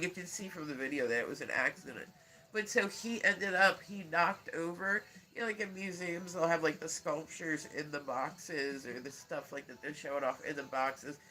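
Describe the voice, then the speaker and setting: A man's voice: a little high, brisk, bright, forceful tone. A man casually chatting on a livestream, rambling and laughing often while congested with a stuffy nose. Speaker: livestream host.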